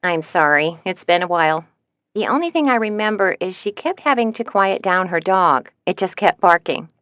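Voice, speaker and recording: A woman's voice: lowish voice, lively intonation, normal speed, a bit bright, no room sound. A woman voicing a cheerful, talkative female travel agent in an audiobook, in a dry, slightly dull recording. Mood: chirpy.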